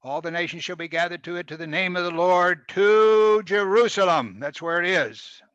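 Bright-voiced preacher man, lo-fi sound. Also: sits high, normal speed, dry recording. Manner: rises to loud emphatic scripture reading, drops to quiet asides. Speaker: pastor. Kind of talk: sermon, reading and expounding scripture. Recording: dull lo-fi sound.

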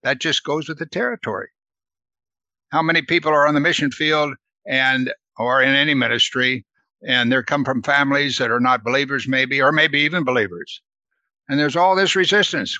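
Man, Bible study teacher, chatty and earnest, bright tone, close and dry. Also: mid-range voice, moderate pace, no echo, muffled recording. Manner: earnest, asks the listeners questions, adds "right?".

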